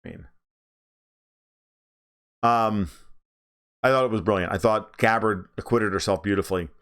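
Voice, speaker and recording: A man's voice: fairly low pitch, moderate pace, fairly bright tone, smooth. A man hosting a casual political livestream, ranting sarcastically and profanely, with many fillers and restarts.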